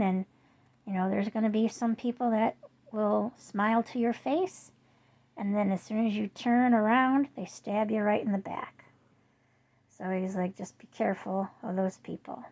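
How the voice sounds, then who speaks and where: A woman, rambling through casual chat to her viewers with lots of fillers, her voice jumping high when she quotes herself. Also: fairly even intonation, moderate pace, a little mellow. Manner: rambling storyteller with many fillers. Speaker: vlogger.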